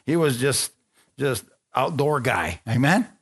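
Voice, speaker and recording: A man preaching to his congregation with playful energy. His voice sits at an ordinary middle pitch, and he retells scripture as a lively story with voices for the characters. He keeps calling for amens along the way. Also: slow, slightly rough. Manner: excitable, playful storytelling with call-and-response. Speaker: pastor. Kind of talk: sermon.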